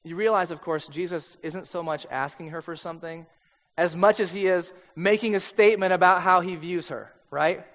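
A male pastor preaching with a relaxed, conversational, storytelling manner. His voice sits fairly high. He is recorded in a church sanctuary with a long hall reverb. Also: moderate pace. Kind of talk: sermon.

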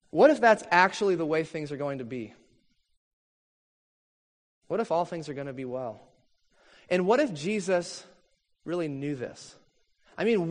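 A man preaching a sermon in an earnest, measured way, reading long quotes slowly. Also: fairly high pitch. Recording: long reverb from a hall.

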